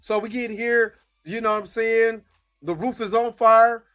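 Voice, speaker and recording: High-pitched guy hosting his own show, slangy chatty recap, keeps going "you know what im saying", quiet music behind. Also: fairly even intonation, clear, resonant tone. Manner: acts out the characters' lines in quick bits. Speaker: show host. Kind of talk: casual episode recap commentary.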